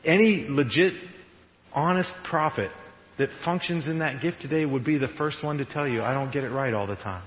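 A male pastor giving a conversational, animated sermon in a church and laughing now and then at his own jokes. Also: mid-range voice, normal speed. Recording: echoey hall, dull radio-like sound.

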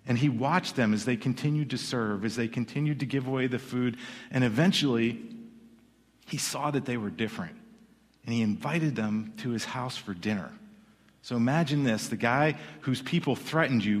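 A man's voice: medium pitch, moderate pace. A man preaching a sermon in a church, in a conversational way that often restarts his words. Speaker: pastor. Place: church sanctuary. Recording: long hall reverb.

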